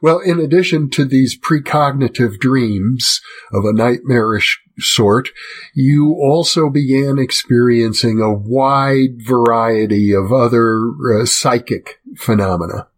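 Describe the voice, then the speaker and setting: A male interviewer with a husky, slightly breathy voice of middle pitch. He guides the conversation with measured prompts that sum up what the guest has said. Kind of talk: interview questions.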